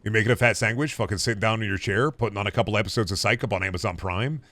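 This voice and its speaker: A man in his thirties talks to his stream chat in a loose, rambling flow, swearing casually between thoughts. His voice sits low. The sound is close and dry. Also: racing, fairly bright tone, no room sound. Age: 30s. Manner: rambling, laid-back, swears freely.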